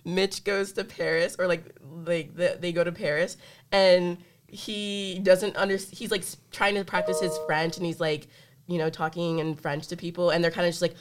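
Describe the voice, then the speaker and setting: A woman's voice: fairly low pitch, little pitch movement, normal speed, slight background noise. A young woman co-hosting a podcast in casual chat, playful and talkative, with lots of "like" fillers. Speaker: podcast co-host.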